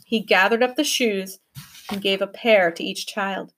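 A woman teacher reading a novel aloud to her class with expressive storytelling delivery. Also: mid-range voice, measured pace, slight background noise.

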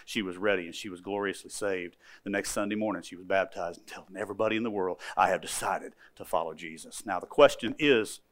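A man preaching a sermon, telling a story with emphasis and often repeating words. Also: on the low side.

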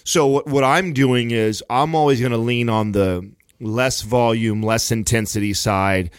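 A man's voice: medium pitch, steady tone, measured pace, smooth, no room sound. Man, podcast co-host, rambling explanations, frequent restarts, dry close mic. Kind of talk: casual chat.

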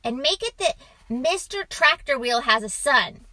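A woman's voice: lively intonation, a little slow, no room sound, exaggerated voice. A woman doing an eager little boy. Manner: high, bright, insistent. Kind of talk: storybook reading.

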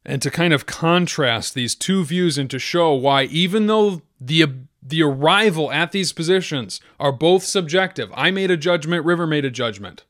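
A male podcast host reading from an article and arguing against it in a measured, deliberate way, now and then restarting a phrase. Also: a little high, lively intonation, fairly bright tone, no room sound, clean studio sound. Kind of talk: reading and discussing an essay.

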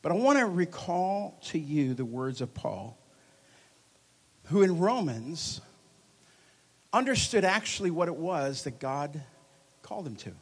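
A man preaching a charismatic sermon to a congregation, animated and joking, his loudness swinging from soft asides to loud bursts. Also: fairly high pitch, unhurried, long pauses, husky. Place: church hall before a congregation.

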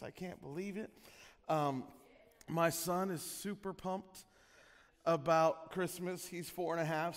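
A man in his thirties, a pastor opening a sermon with playful, chatty jokes for the congregation in a large church. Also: high-pitched. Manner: playful, chatty, teasing the crowd. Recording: long church reverb.

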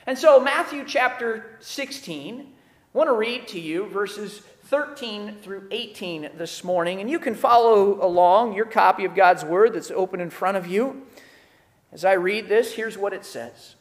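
A man's voice: high-pitched, a little slow, echoey room. A man of about forty, a pastor preaching a sermon and reading scripture in a church, earnest, often restarting and repeating words. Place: church sanctuary.

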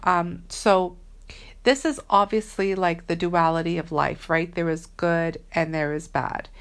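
A woman with a lowish voice talks straight to her online followers as a spiritual reader. She is earnest and chatty, drops slang and fillers, and keeps an easy, flowing vlog manner. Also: fairly even intonation, unhurried. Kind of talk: casual spiritual vlog talk.

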